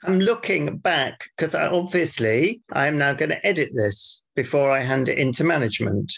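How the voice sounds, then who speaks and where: A man co-hosting a podcast, bantering casually and reading out mock-formal feedback in a dry, deadpan way. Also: on the high side, normal speed. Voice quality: gravelly, husky. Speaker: podcast co-host. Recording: dull lo-fi podcast audio.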